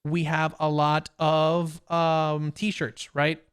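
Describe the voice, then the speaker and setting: A young man co-hosting a podcast over a video call, talking in an excited, rambling way with many restarts. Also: on the high side, extremely slow, clear, resonant tone. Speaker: podcast co-host. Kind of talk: casual chat.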